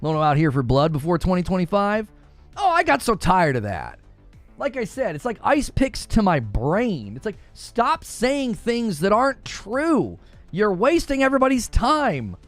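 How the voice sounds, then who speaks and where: A man's voice: high voice, huge pitch swings, normal speed, no room sound, faint music behind. A man co-hosting a gaming news show, ranting in an exasperated, sarcastic way. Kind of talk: heated gaming podcast rant.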